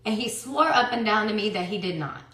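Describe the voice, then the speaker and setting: A woman telling a personal story in a casual tell-all monologue, emphatic and profane, swinging between hushed and loud. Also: mid-range voice, animated, fairly quick, reverberant. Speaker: storyteller recounting personal events.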